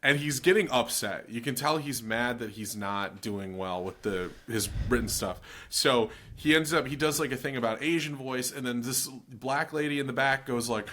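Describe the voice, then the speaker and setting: A man's voice: medium pitch, moderate pace, few pauses, sharp tone. A man co-hosting a podcast, telling an anecdote in a casual, easygoing way. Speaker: podcast co-host. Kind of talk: casual storytelling chat.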